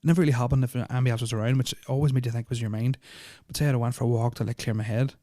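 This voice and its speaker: A young man tells a story at speed, tumbling through fillers, restarts and swearing with nervous unease. His voice is mellow and fairly flat in pitch. The sound is dry, with no room echo. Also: very fast. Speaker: podcast host. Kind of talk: casual storytelling of personal experiences.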